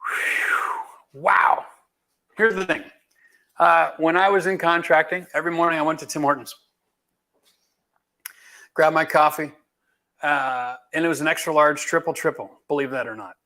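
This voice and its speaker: A man's voice: on the high side, steady tone, a little slow, long pauses, sharp tone. A middle-aged man from Canada, a home renovation host answering viewer questions in a blunt, emphatic, folksy way. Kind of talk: live Q&A chat.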